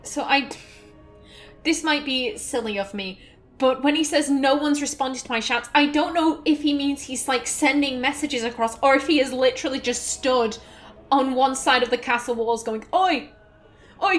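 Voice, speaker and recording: A chatty woman narrating her own video game playthrough, casual and rambling and full of fillers. Her voice sits a little high and sounds natural and conversational. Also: moderate pace, soft background music. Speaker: let's play host.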